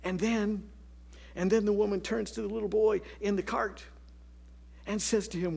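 A man's voice: sits high, fairly even intonation, moderate pace, gravelly, pauses often, darkish tone, breathy edge. A man preaching a sermon as pastor, telling stories and dropping to a whisper for emphasis. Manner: storytelling, dynamic, drops to a whisper for emphasis.

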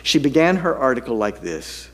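A male pastor tells a story during a sermon to his congregation, animated and poking fun at himself, his volume swinging from loud to hushed. His pitch is medium and his pace moderate.

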